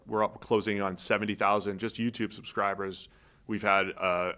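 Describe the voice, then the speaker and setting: A man's voice: on the low side, pushed and bright. A man co-hosting a sports podcast in casual, joking chat, rambling with restarts. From Massachusetts. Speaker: podcast co-host. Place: podcast studio.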